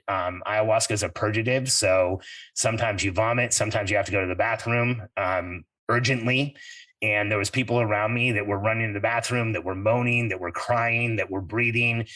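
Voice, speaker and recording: A man's voice: on the low side, sharp tone, no room sound, recorded from a distance, rough recording. A middle-aged man hosting a podcast, telling a personal story in an earnest, reflective way that turns a little emotional. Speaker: podcast host.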